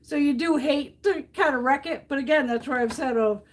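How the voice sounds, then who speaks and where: Briskly and in a voice that sits high, a middle-aged woman from the US chats casually on her makeup livestream while depotting products, ranting bluntly and swearing plenty.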